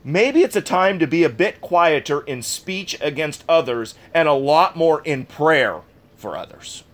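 A man's voice: fairly high pitch, big pitch swings, measured pace. A man pastor delivering a sermon in an earnest, conversational way, repeating key phrases for emphasis.

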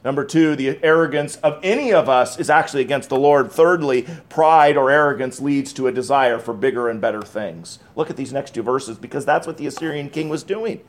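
A man's voice: medium pitch, brisk, few pauses. A man preaching a sermon, emphatic and repeating key phrases, with conversational asides between scripture readings. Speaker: pastor.

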